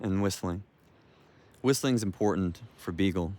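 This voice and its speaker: A man's voice: low-pitched, unhurried, heavy background noise. A man vlogging outdoors while walking his dog, talking in a loose, meandering way with restarts. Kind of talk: rambling walk-and-talk vlog.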